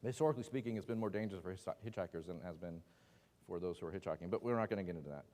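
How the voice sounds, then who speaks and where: A man's voice: sits low, very fast, a little mellow. A man teaching a casual Bible class at church, joking and asking the class questions as he talks. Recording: long hall reverb.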